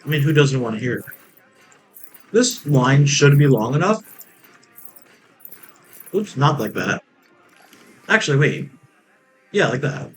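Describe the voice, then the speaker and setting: A man talking through a theme park building game in a loose, rambling way. He cracks jokes and laughs at them as he goes. His pitch sits in an ordinary middle range, with soft game music under his voice. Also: animated, takes it slowly, long pauses, breathy edge, low-quality recording. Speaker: let's play gamer. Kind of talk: casual gameplay commentary.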